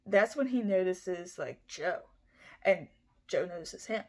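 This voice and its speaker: A woman's voice: medium pitch, moderate pace. A woman telling a true-crime story in a casual, rambling way, swearing freely and filling her talk with "like" and "you know". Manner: animated, acts out the people in her story.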